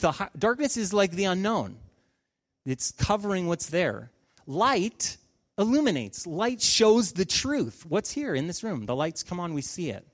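A man in his thirties, a pastor, preaching a conversational sermon with stories and sudden emphatic bursts. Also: high-pitched.

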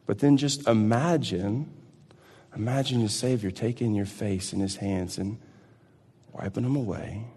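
A pastor in his forties with a drawl preaches to his congregation. His delivery swings from loud, excited outbursts to quiet, earnest stretches. The voice rings with the long reverb of a large hall. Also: fairly low pitch, a little slow, slightly rough. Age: 40s. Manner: animated, swinging between shouts and hushed intensity. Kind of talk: sermon.

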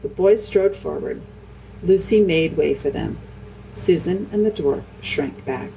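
A woman reads a children's novel aloud in a calm, measured voice. A faint hiss sits under her narration. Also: fairly low pitch, vocal fry, far from the mic, rough recording. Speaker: audiobook reader. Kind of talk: storybook narration.

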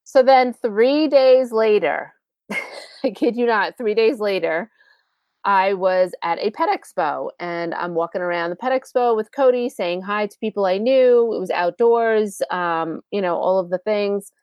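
A woman's voice: medium pitch, unhurried, darkish tone, dry recording. A woman hosting a podcast, telling a personal story in a chatty, conversational way with asides to the listener. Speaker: podcast host.

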